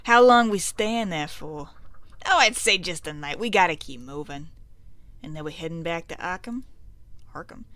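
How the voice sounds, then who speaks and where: A woman voicing a brash male 1920s gangster with a put-on mobster accent, loud and slangy. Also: fairly low pitch, animated, normal speed, no room sound. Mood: scheming.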